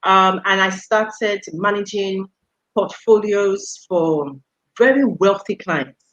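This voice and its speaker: A middle-aged woman from the UK, guest on an interview show, telling her story in lively casual chat and laughing often. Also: medium pitch, slow, highs cut off. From United Kingdom. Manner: animated storyteller, laughs often, acts out quoted voices. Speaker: guest, radio station executive.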